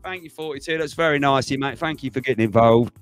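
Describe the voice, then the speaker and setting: A man with a mid-range voice hosts a livestream, talking quickly and casually to viewers as he rambles and laughs. Soft music plays in the background.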